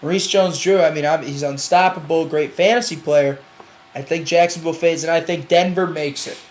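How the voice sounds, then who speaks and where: A man's voice: on the high side, steady tone, fairly quick, low-quality recording. A man co-hosting a casual sports show, rambling through predictions and laughing while he argues. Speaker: sports podcast co-host.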